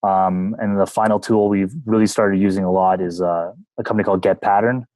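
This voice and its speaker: A Canadian man guesting on a business podcast talks casually in a lowish voice. He is relaxed and chatty and laughs easily. The sound is dry and close, with no room around it. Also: a little fast, no room sound, rough recording. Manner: relaxed and talkative, laughs easily, jokes about himself. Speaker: podcast guest, sales development manager.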